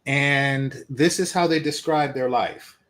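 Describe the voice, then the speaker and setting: A man in his forties gives his opinions in a relaxed, conversational way. He addresses viewers directly, and his voice sits at an ordinary mid pitch. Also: slow. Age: 40s. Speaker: host. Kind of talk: casual commentary on dating.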